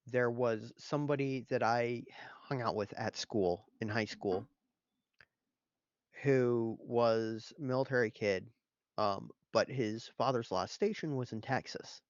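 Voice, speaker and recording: A man's voice: medium pitch, dry recording, lo-fi sound. A man co-hosting a whiskey show, telling stories in casual, easygoing chat. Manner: storytelling, easygoing. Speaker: whiskey show co-host and dungeon master.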